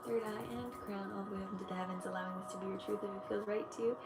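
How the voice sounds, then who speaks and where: A young woman, an energy healer, guiding a meditation in a soft, slow voice on a live stream. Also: medium pitch, steady tone. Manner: bubbly and gushing when chatting. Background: music playing.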